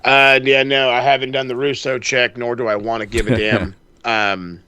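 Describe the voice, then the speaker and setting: A man co-hosting a podcast, chatting casually with a profane, animated ranting manner. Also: mid-range voice, moderate pace, clean tone, dry recording. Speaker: podcast co-host. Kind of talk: casual chat.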